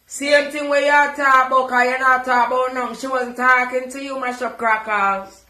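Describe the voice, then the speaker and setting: Woman putting on a shrill jeering Jamaican woman. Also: steady tone, moderate pace, pushed and bright, roomy sound. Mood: mocking. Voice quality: sing-song, jeering. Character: loud shrill mocking woman, boastful.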